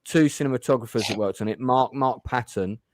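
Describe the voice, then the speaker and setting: Host type: man, mid pitch, dry close sound, halting delivery with lots of ums. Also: a little mellow, no echo. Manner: hesitant, many fillers and restarts. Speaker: chat show host. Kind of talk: casual review chat.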